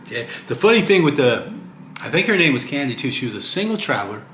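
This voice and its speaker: A man's voice: mid-range voice, big pitch swings, fast talker, fairly bright tone. Chatty retired man, roomy echo. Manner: chatty, rambling, keeps asking "okay?". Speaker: retired vlogger. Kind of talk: casual talking-head vlog. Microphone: camera mic. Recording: roomy echo, faint hiss.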